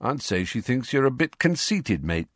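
A man voicing a breezy, teasing teenage schoolboy with a brisk, offhand delivery. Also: medium pitch, sing-song, fairly bright tone, no room sound, clean studio sound.

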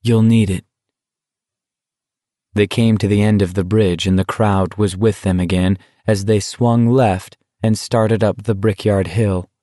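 A man narrates a novel in a measured, even reading. His voice sits low. The recording is close and dry, with no room sound. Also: no room sound. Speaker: audiobook narrator. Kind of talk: scripted narration.

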